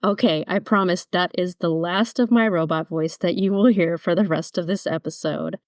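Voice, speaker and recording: A podcast host reads a script with earnest enthusiasm in a lowish, slightly mellow voice. She keeps a moderate pace and fairly even intonation, and the recording is dry and studio quality.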